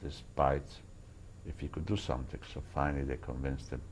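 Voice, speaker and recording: Deep gravelly old man, halting testimony. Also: a little hiss or hum, low-quality recording. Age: older. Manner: halting, repeats words while searching for them. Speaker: interviewee recounting wartime memories. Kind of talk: personal testimony.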